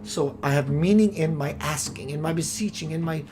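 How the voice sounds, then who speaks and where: A man's voice: on the high side, normal speed, music in the background. A man giving a meandering spiritual talk, musing aloud and searching for words as he goes. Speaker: spiritual teacher.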